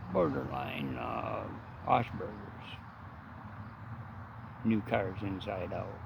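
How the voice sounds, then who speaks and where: A man's voice: lowish voice, vocal fry, noisy background. A man telling a folksy, profane story in a casual, rambling way.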